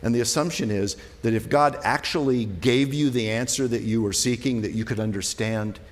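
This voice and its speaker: A man preaching as a pastor, talking conversationally, moving between quiet, slow passages and emphatic ones. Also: medium pitch, big-room sound. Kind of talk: sermon.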